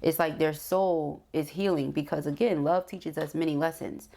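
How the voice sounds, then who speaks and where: A woman with a low, gravelly voice talks through a tarot spread. She keeps checking in with her listener, and her tone stays affirming. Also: steady tone, moderate pace, dark tone. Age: adult. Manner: frequent "okay?" check-ins, affirming. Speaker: tarot reader. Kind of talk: tarot reading monologue.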